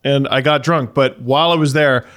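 A man in his thirties, co-hosting a casual podcast chat, telling animated stories. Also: mid-range voice, normal speed. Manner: animated storyteller, puts on voices in quotes. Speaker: podcast co-host.

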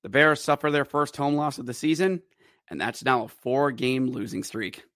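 A man's voice: medium pitch, normal speed, fairly bright tone, no echo, studio quality. A man hosting a fan podcast, recapping hockey games in play-by-play style with wry, bitter sports-fan humor. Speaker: podcast host.

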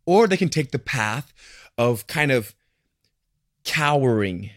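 A man in casual podcast conversation, talking in an animated way and acting out the voices he quotes. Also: mid-range voice, slow pace, dry recording, clean studio sound.

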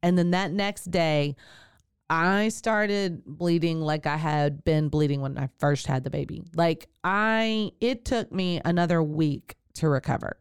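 Smooth, low-voiced woman chatting. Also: a little slow, no room sound, clean studio sound. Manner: chatty, with fillers and direct address to listeners. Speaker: podcast host and birth worker. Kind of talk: casual storytelling and advice.

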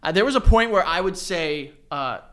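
A man's voice: high-pitched, animated, normal speed, fairly bright tone. A man in his twenties co-hosting a podcast, telling stories loosely with lots of swearing and fillers. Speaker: podcast co-host. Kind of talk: casual chat.

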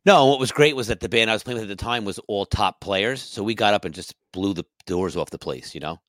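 A man's voice: lowish voice, brisk, fairly bright tone, no echo. A middle-aged man co-hosting a casual podcast chat, laughing often and acting out quoted lines in playful voices. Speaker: podcast co-host.

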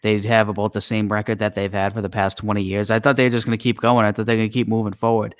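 A man's voice: on the low side, little pitch movement, racing, smooth, dry recording. A man co-hosting a sports podcast, agreeing and giving plain opinions in casual chat. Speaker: podcast co-host.

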